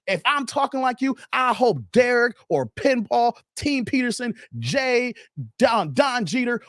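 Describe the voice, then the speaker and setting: A man's voice: no room sound, studio quality. Blunt, profane man ranting to a live chat. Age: 30s. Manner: blunt, profane, emphatic, repeats himself; swings between loud high bursts and low mutters. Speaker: live stream host.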